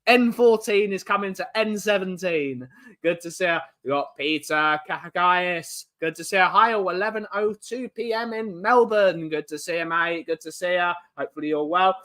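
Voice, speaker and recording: A man's voice: high-pitched, moderate pace, pushed and bright. A man hosting a casual live-stream chat from home, greeting viewers in the chat one by one. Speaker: livestream host.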